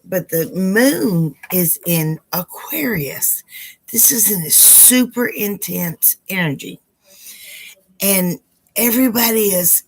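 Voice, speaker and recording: A woman hosts a live psychic Q&A, chatting affectionately with viewers by name. Her voice is hoarse, low and husky. She talks slowly and unhurriedly. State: hoarse, rough voice. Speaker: psychic live stream host. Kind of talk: live stream Q&A chat.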